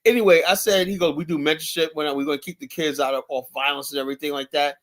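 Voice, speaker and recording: A man rattles off a story in a fast, somewhat high voice, loaded with fillers like "and whatnot." He bursts into raised, acted-out quotes of other people while chatting casually on a podcast. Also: fairly even intonation, a bit bright. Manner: heavy use of fillers like "and whatnot".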